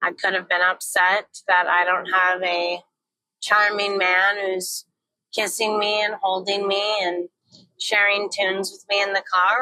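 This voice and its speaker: A woman's voice: mid-range voice, bright, forceful tone, a little hiss or hum, rough recording. A young woman talking candidly in a frank, joking, often profane monologue, recorded on a phone while she drives her car. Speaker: vlogger.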